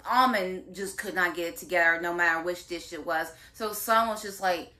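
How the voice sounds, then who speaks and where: A woman's voice: on the low side, moderate pace. A woman in casual chat, recapping a TV series and acting out the characters' lines. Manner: animated retelling with acted-out quotes. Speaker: drama recap co-host.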